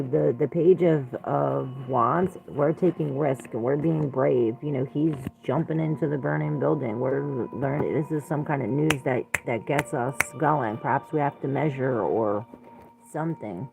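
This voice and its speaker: Woman, tarot reader, casual rambling reading, affectionate toward viewers, gravelly low voice. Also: a little slow, low-quality recording. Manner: rambling, full of "it's like" and "you know"; sprinkles Spanish endearments.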